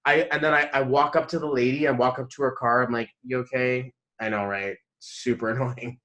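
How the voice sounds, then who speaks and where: A man's voice: medium pitch, steady tone, a little fast, a bit bright. A man in his thirties, a numerology coach giving a motivational talk to a group on a video call, telling stories animatedly and laughing mid-sentence. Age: 30s.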